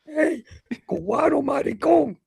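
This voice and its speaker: A man voicing a gruff boxing champion who mocks and curses at a friend. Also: very high-pitched, steady tone, brisk, dry recording, clean studio sound, voice pushed up, heavily acted. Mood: jeering. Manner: shouting insults.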